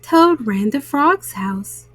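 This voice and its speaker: A woman reading bedtime stories aloud to young listeners, gentle and soothing. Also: fairly high pitch, expressive, slow pace, slightly rough, no echo. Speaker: storyteller.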